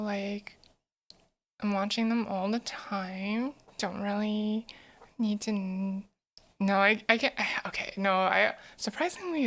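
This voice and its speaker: A woman streamer with a mid-range, slightly bright voice chats casually with her viewers on a live stream. She giggles often and repeats words while she thinks.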